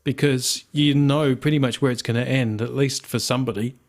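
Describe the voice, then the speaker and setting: A man's voice: mid-range voice, steady tone, fairly quick. An Australian man co-hosting a book review podcast, speaking casually and laughing easily. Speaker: podcast co-host.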